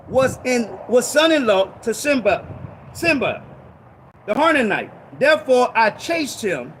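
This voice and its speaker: A man preaching an informal Bible teaching sermon, emphatic and slangy, repeating himself and breaking into shouted bursts. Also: very high-pitched, slight background noise.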